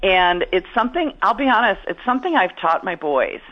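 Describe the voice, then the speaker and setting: This stand-up comedian guest, a middle-aged woman, talks loosely through an interview, self-deprecating and restarting often as she rambles. She speaks in a mid-range voice, very animated and fairly fast, and the recording has its high frequencies cut off.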